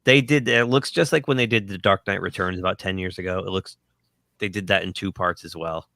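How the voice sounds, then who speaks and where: A man's voice: deep voice, brisk, creaky, pushed and bright, no room sound, studio quality. A man hosting a casual pop-culture livestream, chatting with enthusiasm and reading news articles aloud. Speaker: host.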